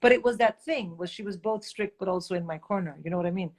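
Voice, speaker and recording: A middle-aged woman from India, telling candid stories as a guest in a casual chat, animated and blunt, swearing freely. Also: mid-range voice, fast talker. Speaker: guest comedian.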